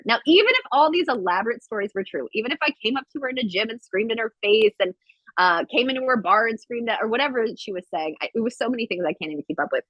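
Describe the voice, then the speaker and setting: Woman on a podcast telling a wild story, slightly high voice, swears a lot, dry close sound. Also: fast talker, dry recording, dull audio. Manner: animated storytelling, acts out quotes; swears freely. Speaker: podcast guest. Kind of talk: casual podcast chat.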